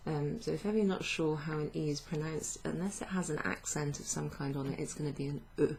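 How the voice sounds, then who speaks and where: A woman teaches French in a slow, patient way, pausing on fillers and correcting herself as she goes. Her voice is low and warm with a gravelly edge. Faint hiss runs under the recording. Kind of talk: online language lesson.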